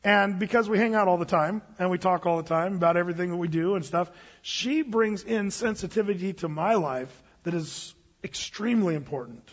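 A middle-aged male pastor with a husky voice, preaching in a conversational, joking way and often repeating his words. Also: high-pitched, brisk, few pauses. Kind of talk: sermon. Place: church sanctuary. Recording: dull hall reverb.

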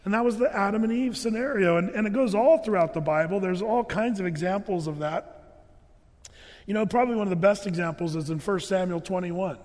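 A man delivers a sermon with a high, bright-toned voice. He tells the story with lively energy and slips into the characters' voices as he goes. His words ring out with a long reverb off the walls of a church hall. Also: brisk. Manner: storytelling, acting out voices with rising pitch. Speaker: pastor.

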